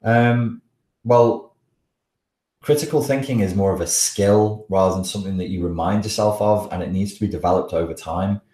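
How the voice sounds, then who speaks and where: A man's voice: fairly low pitch, normal speed, dark tone, echoey room, recorded from a distance, low-quality recording. A man from the Wirral with a Scouse accent and a blocked nose from a cold, hosting a casual live question-and-answer chat, hesitant with many restarts. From the Wirral, England. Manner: hesitant, many restarts, chuckles while talking.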